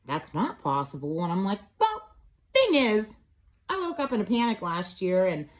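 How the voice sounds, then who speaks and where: A woman's voice: on the low side, dull audio. A woman vlogger telling a long, profane, rambling story in casual chat, recorded on a phone. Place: Pennsylvania.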